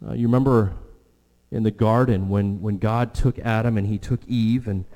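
A man preaching a sermon as pastor, earnest, with animated stretches and hushed prayerful moments. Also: lowish voice, normal speed. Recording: long hall reverb.

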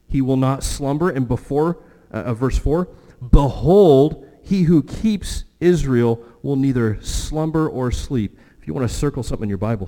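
A man preaching a sermon as pastor, earnest, with animated stretches and hushed prayerful moments. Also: mid-range voice. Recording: long hall reverb.

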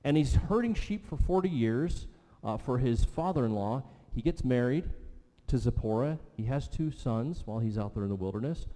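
A middle-aged man delivers a teaching sermon in a mellow, relaxed voice. He talks conversationally, asking the congregation questions and tagging points with "okay" and "right." His voice rings with the long reverb of a large hall. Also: mid-range voice, moderate pace, few pauses. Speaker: pastor.

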